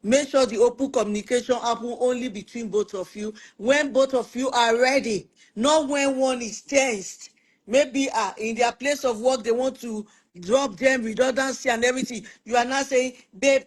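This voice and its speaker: A woman hosting a Christian family talk stream. She gives practical marriage advice conversationally and often repeats words for emphasis. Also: a little high. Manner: animated, acts out spouses' quoted lines. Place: online live stream.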